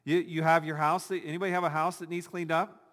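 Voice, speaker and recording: A man's voice: fairly high pitch, level tone, fast talker, fairly bright tone, long reverb tail. A male pastor giving a conversational sermon with touches of humor, acting out imagined voices of the congregation.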